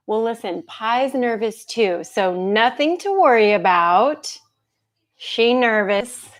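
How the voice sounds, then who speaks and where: A woman's voice: on the high side, animated, slow. A woman instructor chatting casually with viewers before a live movement class, laughing often and greeting people by name. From United States.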